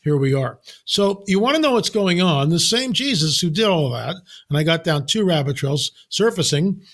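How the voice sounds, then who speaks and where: An older man speaking as a podcast guest, telling stories in an emphatic, animated way with sudden exclamations. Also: fairly high pitch, moderate pace. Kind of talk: casual podcast conversation.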